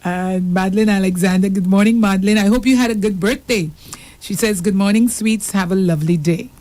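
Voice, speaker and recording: A woman's voice: medium pitch, a little fast, warm tone. A woman with a Saint Lucian accent co-hosting a radio show, reading out listener messages with frequent laughter. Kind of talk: casual radio chat.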